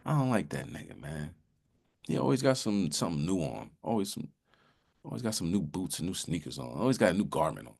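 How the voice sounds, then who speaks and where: A man doing a low, muttering envious grumbler. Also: very animated, a little fast, vocal fry, darkish tone, breathy edge, full character voice. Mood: resentful. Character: envious man muttering behind a friend's back.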